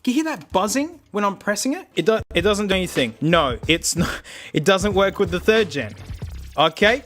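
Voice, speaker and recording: A young Australian man giving excitable, jokey commentary while showing old gadgets. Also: high-pitched, normal speed, a little hiss or hum. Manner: excitable, jokey, bursts into laughter. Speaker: tech reviewer. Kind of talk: casual video commentary.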